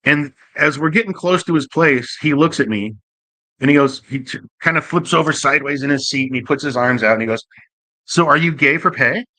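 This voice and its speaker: A man hosting a show who tells a profane, jokey anecdote in a casual and animated way. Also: medium pitch, a little fast, dry recording. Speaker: host. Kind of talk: casual comic storytelling.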